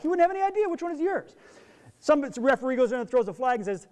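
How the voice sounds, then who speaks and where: A man's voice: very high-pitched, racing. A middle-aged man giving a talk to an audience, telling stories and acting out scenes as he goes. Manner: animated storyteller who acts out scenes. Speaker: speaker on parenting young athletes.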